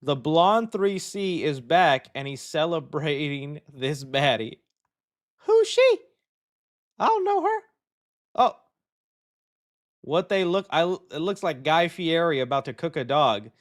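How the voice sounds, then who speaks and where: A young man hosting a live show, chatting casually and reacting loudly, calling his viewers "dude.". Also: fairly high pitch. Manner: excitable, loud reactions, says "dude" a lot. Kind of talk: casual livestream chat.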